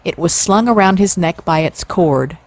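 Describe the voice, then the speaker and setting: A woman in her sixties reading a classic children's novel aloud, expressive and playing up the sound words. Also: lowish voice, normal speed. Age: 60s. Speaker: storyteller.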